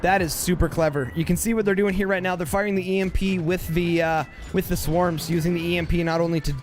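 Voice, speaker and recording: A man commentates a strategy game live in an excitable play-by-play style. His voice sits on the high side and he often repeats his short calls. Faint music plays underneath. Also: quick pace.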